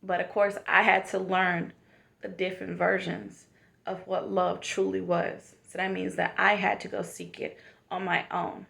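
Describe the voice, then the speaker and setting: A woman's voice: on the low side, level tone, a little slow, gravelly, fairly bright tone. A woman, giving a heartfelt motivational self-love talk and calling the listener "honey.". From South Carolina, USA. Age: 40s. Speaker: vlogger.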